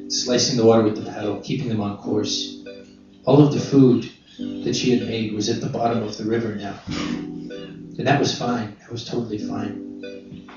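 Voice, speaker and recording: A man reading literary fiction aloud in a measured, unhurried way. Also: on the low side. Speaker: narrator. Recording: roomy distant dull recording with guitar.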